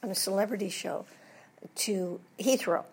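An older American woman with a gravelly, slightly husky voice tells stories from her career in a relaxed interview. She is animated and quick to laugh, rolling one anecdote into the next. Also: mid-range voice. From United States. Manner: lively anecdotal storyteller, laughs often at her own stories. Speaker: guest, veteran voice actress. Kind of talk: casual interview storytelling.

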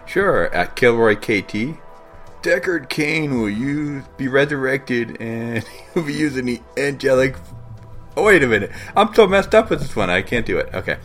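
A man's voice: mid-range voice, animated, moderate pace, a bit bright, faint music behind. A man co-hosting a gaming podcast, reading tweets in playful casual chat. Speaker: podcast co-host.

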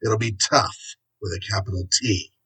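A man reading aloud voices a commanding armored male superhero who gives clipped, brisk orders, with a husky voice. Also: fairly low pitch, steady tone, pushed and bright, full character voice, rough recording. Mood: grim.

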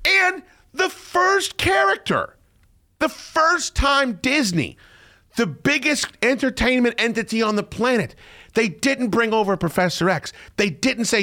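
Excitable, profane podcast host man. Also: very high-pitched, unhurried. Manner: excitable, profane, swings into loud shouting. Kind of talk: casual chat.

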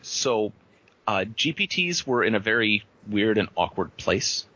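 A man's voice: on the low side, big pitch swings, measured pace, sharp tone, dull audio. A man appearing as a guest on a podcast, explaining rules with a dry, sarcastic edge. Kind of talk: casual panel chat.

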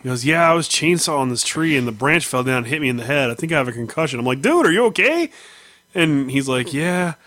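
A man's voice: mid-range voice, quick pace, hardly any pauses, fairly bright tone, dry recording. A man hosting a podcast in casual chat, reacting with laughter and disbelief. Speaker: podcast host.

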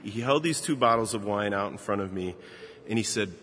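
A man in his fifties preaches from a church sanctuary, his somewhat low voice trailing off into the long reverb of a big hall. He talks in a relaxed, conversational way, with plenty of ums and uhs as he tells a story within his sermon. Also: a little fast, slight background noise. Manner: relaxed, conversational, with frequent fillers. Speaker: pastor.

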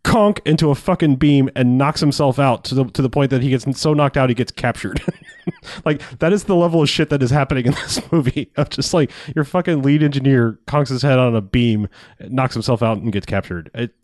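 A man's voice: mid-range voice, normal speed, a little mellow, no echo, studio quality. A man in casual podcast chat, rambling about movies, often laughing and swearing as he acts out lines.

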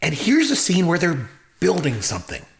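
A man's voice: on the high side, huge pitch swings, moderate pace, gravelly. A man co-hosting a casual movie talk, enthusiastic and rambling, with lots of fillers. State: married. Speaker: podcast co-host.

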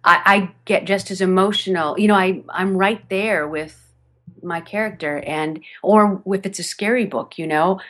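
A woman with a fairly low voice talks about her narration work in a relaxed interview. She speaks animatedly, laughs often and restarts her sentences as she goes. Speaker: audiobook narrator. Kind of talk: podcast interview chat. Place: home studio over a video call.

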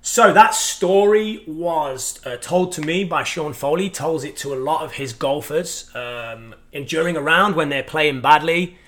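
A man hosting a motivational podcast, telling a story with a deliberate, emphatic delivery. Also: on the high side, fairly bright tone. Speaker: podcast host.

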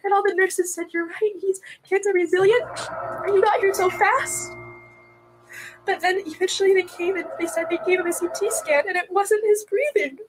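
High-voiced distraught woman in police interview. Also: normal speed, background noise. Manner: distraught, voice breaking into tears; soft-voiced, quiet when upset. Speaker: mother being questioned by police. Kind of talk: recorded police interview recounting events.

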